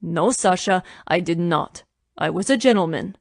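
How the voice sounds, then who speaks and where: A woman voicing a protective, commanding billionaire man in his thirties, speaking low, steady and insistent for an audiobook. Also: normal speed, vocal fry, dry recording, clean studio sound.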